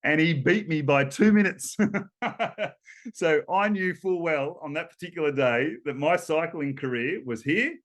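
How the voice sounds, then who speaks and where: A man's voice: on the high side, moderate pace, hardly any pauses. Chatty Australian man telling stories. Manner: chatty storyteller, laughs between points, many ums and restarts. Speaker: guest, former Olympic rower. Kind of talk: casual storytelling interview.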